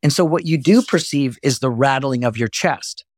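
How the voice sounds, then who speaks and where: A man's voice: medium pitch, moderate pace. A man teaching as a voice coach, explaining things earnestly and step by step. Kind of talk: instructional talk to camera.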